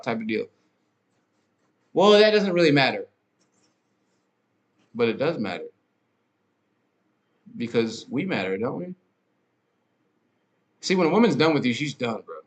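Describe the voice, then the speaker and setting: A man's voice: mid-range voice, expressive, moderate pace, long pauses. Rambling, profane male podcast host. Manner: rambling, profane, many fillers and restarts. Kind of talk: casual monologue, ranting.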